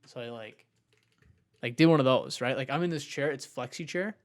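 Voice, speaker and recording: A man's voice: medium pitch, moderate pace. Chatty young man telling a story. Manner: rambling storytelling with many likes. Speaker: podcast co-host. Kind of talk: casual chat.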